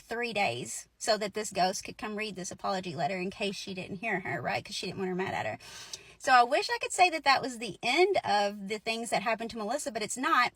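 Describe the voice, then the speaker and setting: A woman in her forties recounts a story in a loose, conversational way, peppering it with "like" and soft laughs. Her voice sits a little high for a woman. The sound is dry, with no room around it. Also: no room sound. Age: 40s. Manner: chatty, lots of "like" and "right?", laughs through lines. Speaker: host telling her ghost stories. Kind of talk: casual spoken storytelling.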